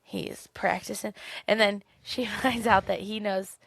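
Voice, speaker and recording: A woman co-host talking casually in an animated, chatty way, laughing often as she retells things. Her voice carries a gravelly fry, and the close mic sounds dry with no room around it. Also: medium pitch, measured pace, no room sound. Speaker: podcast co-host. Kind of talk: casual book-club chat.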